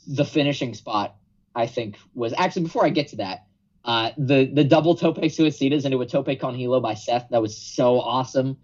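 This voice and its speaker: A man chatting casually on a wrestling podcast, excitable, swearing freely and laughing often. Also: medium pitch, brisk, dull audio. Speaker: podcast co-host. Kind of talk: casual wrestling review chat.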